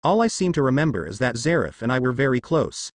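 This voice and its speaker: A man's voice: mid-range voice, very animated, fast, dry recording, clean studio sound, natural voice. A man reading as a brooding young man. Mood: guarded.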